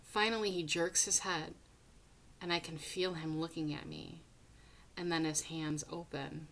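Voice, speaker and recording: A woman reads a novel aloud in a fairly low voice at an unhurried, deliberate pace. Her delivery is dramatic, and she sometimes sinks into a hushed whisper. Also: steady tone. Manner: dramatic, breaking into hushed whispers at tense moments. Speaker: audiobook reader. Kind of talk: first-person novel reading aloud.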